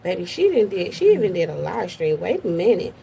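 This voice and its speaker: A woman's voice: fairly low pitch, big pitch swings, fairly quick, vocal fry, warm tone, slight background noise. A woman hosting a casual live stream from her office at work, chatty and gossipy, greeting viewers by name.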